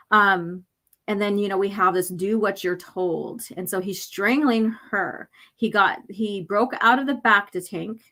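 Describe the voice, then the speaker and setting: Woman host, casual livestream chat, rambling, throat clearing. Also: mid-range voice, a bit bright. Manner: rambling, lots of fillers. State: irritated throat, clearing it often. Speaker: host reading a comic aloud.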